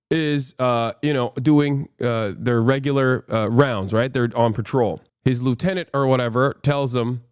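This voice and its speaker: A man's voice: medium pitch, moderate pace, hardly any pauses, smooth, no echo, clean studio sound. A man giving casual livestream commentary as a political streamer, rambling and profane with frequent restarts.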